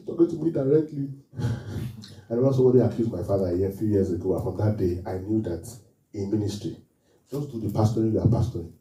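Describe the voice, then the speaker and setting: A man's voice: fairly low pitch, fairly quick, pauses often, mellow, roomy sound, far from the mic, low-quality recording. A man preaching a sermon as pastor, asking the congregation questions, repeating his phrases and driving each point home.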